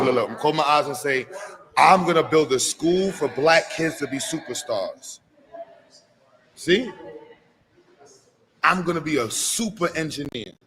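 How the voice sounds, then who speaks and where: A man hosting a live expo, coaxing a child with playful, hype-filled encouragement. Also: mid-range voice. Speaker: event host. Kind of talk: energetic live event hosting.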